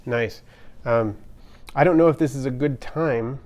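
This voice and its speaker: Reading viewer comments aloud on a casual pet livestream from home, this man stays upbeat despite many ums and restarts. His mid-range voice has a darkish tone and a measured pace, recorded on a tripod-mounted camera.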